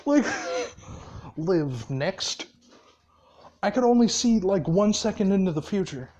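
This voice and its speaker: A storyteller voicing a teenage boy who has just killed many people, speaking low and matter-of-fact, as quoted lines in a casual spoken story. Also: animated, slow, dark tone, highs cut off. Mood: defensive.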